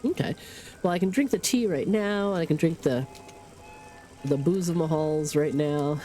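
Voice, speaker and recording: Casual game streamer, congested from a cold, chatty and self-narrating, soft music underneath. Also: medium pitch, moderate pace. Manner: chatty, talks through each in-game task aloud. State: stuffy nose from a cold. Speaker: livestreamer. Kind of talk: casual gaming stream chat.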